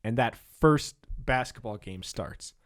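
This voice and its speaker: A man's voice: medium pitch, animated, slow. A young man co-hosting a podcast, chatting casually and laughing as he reads comments aloud. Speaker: podcast co-host. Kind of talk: casual chat.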